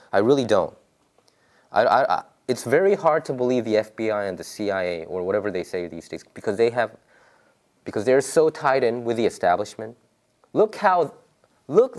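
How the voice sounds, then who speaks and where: A man whose first language is Korean, giving a political commentary monologue in English with emphatic rhetorical questions and frequent repetition. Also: medium pitch.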